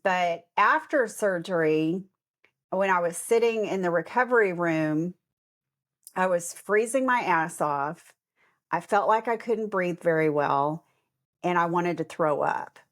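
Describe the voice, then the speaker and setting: A middle-aged woman with a lowish voice talks a little slowly as co-host of a podcast, recounting personal stories in casual chat. Animated and quick to laugh, she acts out what others said, giving them voices.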